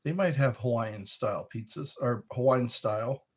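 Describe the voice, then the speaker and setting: A man's voice: mid-range voice, moderate pace, darkish tone, husky. A man in casual chat, rambling and joking as he reads questions aloud and answers them.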